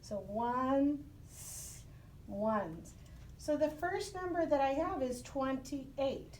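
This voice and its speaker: A woman's voice: high voice, takes it slowly, darkish tone, a little hiss or hum. A woman teacher giving a recorded math lesson to young children, speaking patiently and breaking into sing-song phonics chants. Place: home. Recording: roomy echo, recorded from a distance.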